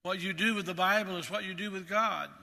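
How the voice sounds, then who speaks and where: A pastor, a man with a very bright, slightly high voice, preaches earnestly to his congregation. His words ring out through a reverberant church sanctuary. He repeats phrases for emphasis. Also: steady tone, fairly quick, gravelly. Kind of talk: sermon.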